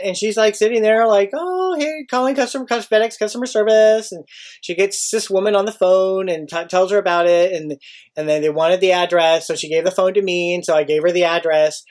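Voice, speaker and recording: Excitable man retelling a panic. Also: fairly quick. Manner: excitable, acts out his own panic with sudden high outbursts. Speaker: teacher. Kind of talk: casual storytelling.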